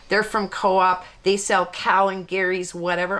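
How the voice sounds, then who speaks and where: A woman's voice: mid-range voice, little pitch movement, a little slow, a bit bright. A woman hosting a live card-making tutorial, chatting casually and rambling with easy laughs. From Canada. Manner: rambling, self-interrupting, laughs easily.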